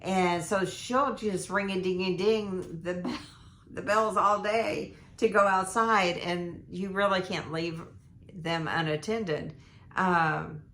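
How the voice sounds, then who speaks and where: An older woman, hoarse from losing her voice, rambling through a casual life update with lots of ums and restarts. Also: lowish voice, a bit bright. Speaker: vlogger. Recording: echoey room.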